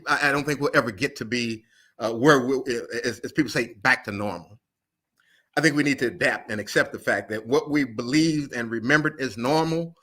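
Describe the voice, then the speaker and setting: A middle-aged jazz musician gives earnest, motivational interview answers, often tossing in "right?" and "you know." His voice is medium-pitched, pushed, and bright.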